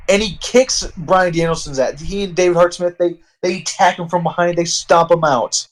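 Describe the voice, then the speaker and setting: A man narrating a wrestling management game in loose, rambling commentary. He swears often and gets excited at twists, with a voice a little higher than most men. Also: normal speed, hardly any pauses, poor audio. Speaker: let's-play narrator.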